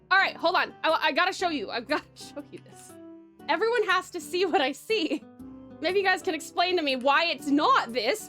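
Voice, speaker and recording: A young woman streaming live, giggly and excitable, who chats with her viewers and swears freely. Her voice is high, lively and bright. Faint music runs underneath. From Australia. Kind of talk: casual live-stream chat.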